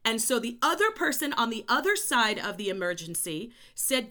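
A woman tells a story as an interview guest, emphatic and animated. Her voice is bright and sits fairly high. It swoops up and down freely as she talks. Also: a little fast, hardly any pauses. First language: English. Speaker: language educator and consultant guest.

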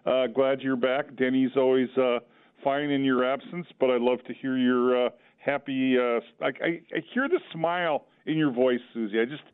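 A man's voice: mid-range voice, moderate pace, smooth, narrow, tinny audio. A man, a financial advisor and regular on a radio show, talking in a rambling way with many "uh"s. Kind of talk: radio talk show chat.

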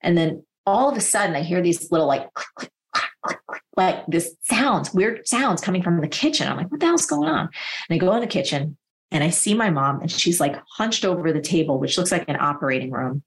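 Lower-voiced woman telling lively stories. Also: brisk. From New Jersey. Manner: lively, vivid anecdotes full of "like" fillers. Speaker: guest. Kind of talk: personal storytelling in conversation.

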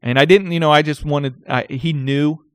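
Animated stammering man telling stories. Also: on the high side, normal speed, dry recording. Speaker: guest recounting sales career. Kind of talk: casual storytelling.

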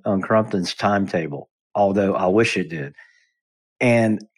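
A middle-aged man hosting a podcast, chatting casually with many restarts and self-deprecating jokes. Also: lowish voice. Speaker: podcast host.

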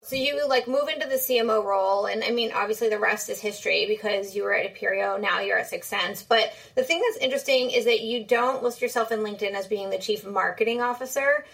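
A woman's voice: medium pitch, fast talker, vocal fry, hardly any pauses, fairly bright tone. A woman hosting a casual interview, talking conversationally and asking follow-up questions. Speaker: podcast host.

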